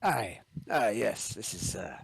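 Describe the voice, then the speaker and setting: A man's voice: on the low side, very animated, slow, vocal fry, husky, no echo, full character voice. A man voicing a proud, bearded male squat ship captain in a put-on Scottish accent.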